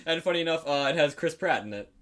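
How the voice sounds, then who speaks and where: A man's voice: on the high side, expressive, fast, a crowd in the background. A young man co-hosting a podcast, chatting casually, rambling with lots of fillers, frequent laughs and casual swearing. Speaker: podcast co-host. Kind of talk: casual chat.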